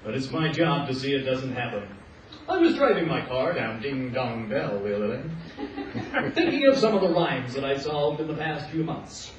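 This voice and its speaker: A man playing a hardboiled male detective, narrating in a deadpan, mock-serious way in an echoey hall. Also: medium pitch, normal speed, slight background noise, pitched below the performer's own voice, natural voice. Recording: echoey hall, distant mic, dull sound.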